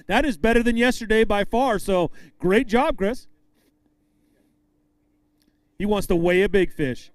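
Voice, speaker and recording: A man emceeing a live fishing tournament weigh-in, upbeat, calling out names and weights with drawn-out emphasis. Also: high voice, clear, resonant tone, dry recording.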